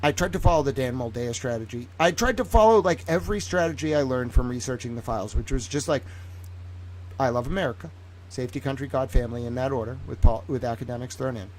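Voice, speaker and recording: Guy ranting on a livestream, swears constantly, sarcastic, keeps acting out made-up convos, middle-pitched voice. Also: quick pace, hardly any pauses, slight background noise, rough recording. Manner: animated, sarcastic, swears freely, acts out imagined dialogue. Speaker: independent streamer and commentator. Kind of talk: profane rambling monologue.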